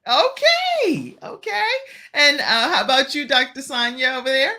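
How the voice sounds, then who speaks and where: A woman from Virginia hosting a virtual talk show, chatty and animated, speaking straight to her audience. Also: high-pitched, measured pace.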